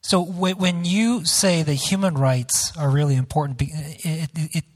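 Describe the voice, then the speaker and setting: A man moderating a debate, putting questions to a panelist with many halting restarts. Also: fairly high pitch, steady tone. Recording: long hall reverb.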